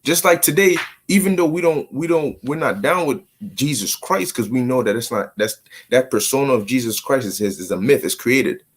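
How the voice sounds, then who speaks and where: A man teaching a casual bible study, slangy and animated, often repeating words as he restarts. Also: mid-range voice, normal speed, hardly any pauses, husky. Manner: slangy, stammering repetitions, animated. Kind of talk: casual scripture commentary.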